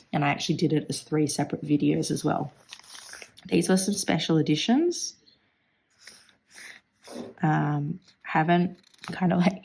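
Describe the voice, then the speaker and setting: Woman vlogging with a croaky gravelly voice, low and mellow, rambly chat. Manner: chatty, rambling, with throat clearing. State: hoarse, losing her voice. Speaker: stationery vlogger. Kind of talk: casual flip-through vlog narration.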